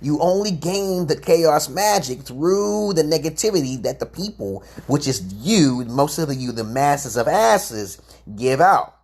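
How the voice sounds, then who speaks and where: A man's voice: a little high, expressive, measured pace, hardly any pauses, a little mellow, husky. A man rambling through a preachy livestream monologue on a webcam mic, swearing freely and greeting chat viewers as he goes. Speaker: livestream host giving self-styled advice.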